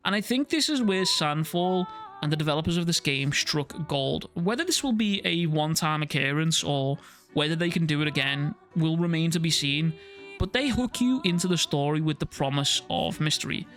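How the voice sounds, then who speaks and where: A man's voice: fairly high pitch, animated, normal speed, a bit bright, faint music behind. A young man narrating a scripted video game review, with casual, profane asides.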